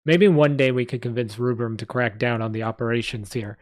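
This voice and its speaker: A large knight whispers slow, careful warnings, voiced by a man reading a story. He is wary and measured. The sound is close and dry. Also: mid-range voice, steady tone, no room sound, lightly acted. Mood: cautious. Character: large, cautious male knight.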